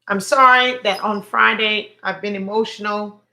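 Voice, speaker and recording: A woman hosting a livestream motivational talk, emotional and repetitive, sliding from gentle spiritual encouragement into loud exasperated rants. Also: mid-range voice, steady tone, normal speed, creaky. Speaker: host and counselor.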